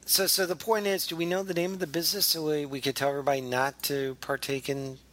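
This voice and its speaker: A man's voice: fairly high pitch, little pitch movement, quick pace, sharp tone. A man hosting a casual comedy podcast, joking and laughing often and stammering as he starts sentences. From US Midwest. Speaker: podcast host.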